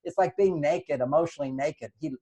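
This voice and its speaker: Mellow-voiced older man giving advice. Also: on the high side, a little fast. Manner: earnest, lecturing, acts out quoted lines. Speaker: relationship author and guest. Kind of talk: advice talk.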